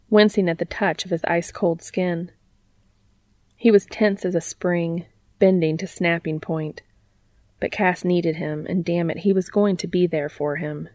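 A woman with a fairly low voice reads a story aloud in an even, measured way. She sounds intimate and close, and the recording is dry with no room sound. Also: no room sound. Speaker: narrator. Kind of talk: reading fan fiction aloud.

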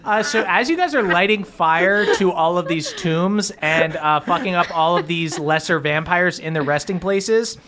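A man's voice: high voice, moderate pace, hardly any pauses, noisy background. Casual man narrating a tabletop game. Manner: casual, many "uh" fillers, swearing. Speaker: game master.

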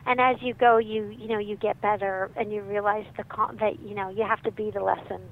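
A woman joins by phone, so her voice comes through thin and tinny with a faint hiss behind it. She speaks with animated emphasis and acts out the people she quotes. Her pitch sits in a middle range. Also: brisk. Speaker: guest parenting author. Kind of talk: interview on parenting. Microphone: phone line.

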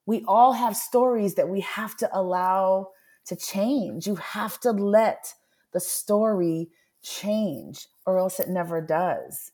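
A woman's voice: medium pitch, slow, darkish tone. A middle-aged woman, an author being interviewed, telling a personal story earnestly and voicing her own thoughts aloud. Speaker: author and guest. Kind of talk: candid interview conversation.

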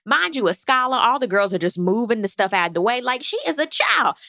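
A woman's voice: a little high, animated, a little fast, pushed and bright, no echo, studio quality. A woman giving a casual, sassy recap of a reality show into a microphone, swearing freely. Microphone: speaking into a microphone.

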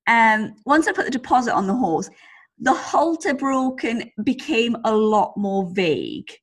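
Animated husky woman telling a story. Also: on the high side, unhurried. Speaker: podcast co-host. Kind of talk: casual chat.

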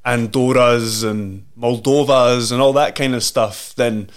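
A man's voice: mid-range voice, fairly even intonation, measured pace, slight background noise. Scottish male podcast host, drunk, casual, swears freely. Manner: swearing, laid-back. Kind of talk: casual football chat.

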